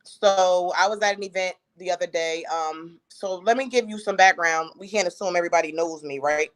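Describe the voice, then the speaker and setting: Lively New woman, co-host on a casual livestream, slangy, bursts of speed. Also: fairly low pitch, fairly quick. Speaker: co-host and author.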